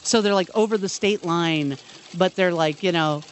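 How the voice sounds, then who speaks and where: A man's voice: high-pitched, moderate pace, slight background noise. A man hosting a radio show, reading news stories and joking along with his co-host. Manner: reads headlines, then jokes along.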